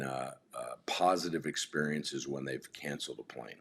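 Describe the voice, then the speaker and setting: A middle-aged man telling rambling, animated stories in a casual podcast chat, often restarting his sentences. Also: a bass voice, normal speed, a little hiss or hum. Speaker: podcast guest.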